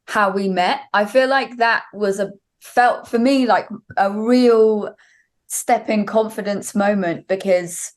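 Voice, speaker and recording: A young woman singer, a guest on an interview show, telling a story at length with many fillers. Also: medium pitch. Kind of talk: casual interview chat.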